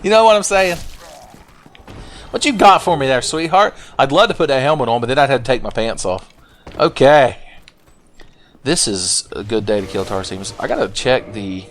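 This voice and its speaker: A man's voice: medium pitch, normal speed, long pauses, slight background noise. A man giving crude, joking let's-play commentary while gaming, slipping into silly voices for game characters. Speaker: gameplay commentator.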